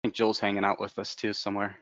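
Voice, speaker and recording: A man's voice: fairly low pitch, completely flat delivery, fast talker, a bit bright, dry recording. A man hosting an online trading event, introducing speakers with enthusiasm. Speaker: event host. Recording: dry, dull online call audio.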